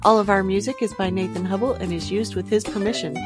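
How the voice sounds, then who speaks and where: A woman's voice: mid-range voice, quick pace, over music. A woman host reading a scripted introduction to a literature podcast.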